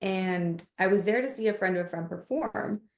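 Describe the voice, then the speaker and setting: A woman guest on a podcast, a comedian and mindfulness coach, telling stories in a lively, casual way and acting out the voices of people she quotes. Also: mid-range voice, moderate pace, echoey room. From United States. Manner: animated, acts out quoted voices in her stories. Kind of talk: casual interview storytelling.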